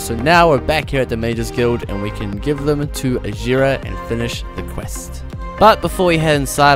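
A playful man narrating his game session in a loose, chatty way, talking to himself as he plays. His voice sits at a middle pitch, with faint game music behind him. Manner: chatty, playful, talks to himself while playing. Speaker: gaming video host. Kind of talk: casual let's-play commentary.

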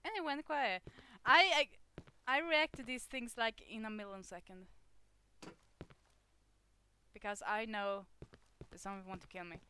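A woman with a sore throat doing let's play commentary on a horror game, jumpy and swearing, switching between hushed muttering and loud outbursts. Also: a little high, unhurried, pauses often, clean tone. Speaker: gamer playing a horror game.

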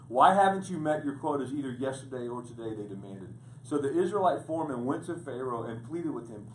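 A man preaching a sermon as pastor, repeating words as he builds to loud, urgent points. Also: mid-range voice, a little hiss or hum. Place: church sanctuary. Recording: echoey room picked up from a distance.

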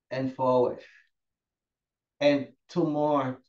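A man's voice: mid-range voice, level tone, measured pace, darkish tone. Encouraging male fitness instructor, echoey room. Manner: encouraging, calls students by name. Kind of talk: live class instruction. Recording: echoey, dull lo-fi room sound.

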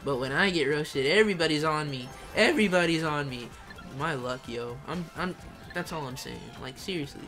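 Excitable young man streaming a racing game. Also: a little high, moderate pace, hardly any pauses, soft background music. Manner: excitable, slangy trash talk. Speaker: gaming streamer. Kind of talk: live gameplay commentary while reading chat.

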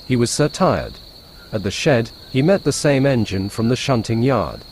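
A man narrating a fan-made storybook tale in a plain, steady reading. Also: medium pitch, normal speed, slight background noise. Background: music.

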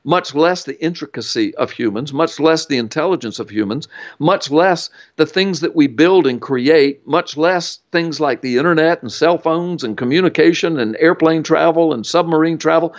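A man's voice: a little high, normal speed, highs cut off. A man guest in an interview, explaining with an earnest, emphatic, preacherly storytelling manner. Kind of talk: interview teaching.

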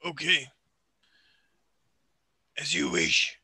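A man's voice: mid-range voice, huge pitch swings, extremely slow, pushed and bright, husky, no echo. A man playing a tabletop game, describing his character's actions. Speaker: player.

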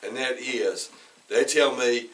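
A pastor preaching in a church, telling a story in a loose conversational way with frequent restarts and throat-clearing. His voice is bright and carries forward. It is heard from a distance, away from the mic. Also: medium pitch, slow pace. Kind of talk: sermon with personal storytelling. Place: church sanctuary.

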